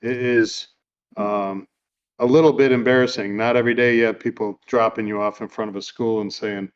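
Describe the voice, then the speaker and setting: A man hosting a casual chat, recapping a movie in a relaxed, rambling way with lots of fillers. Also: fairly low pitch, moderate pace, smooth, muffled recording. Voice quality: easygoing, rambling with many fillers. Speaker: podcast host. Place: home room.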